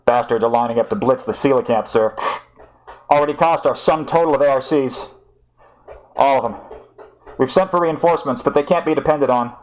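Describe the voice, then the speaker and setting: A man's voice: medium pitch, brisk, pauses often, voice pushed up, natural voice, poor audio. A man voicing a grim, tense male clone commander.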